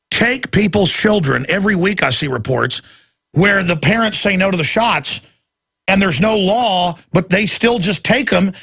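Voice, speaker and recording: A man hosting a call-in radio talk show, ranting fiercely and breaking into shouts. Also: high voice. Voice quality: gravelly, husky. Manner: fiery, ranting, bursts into shouting.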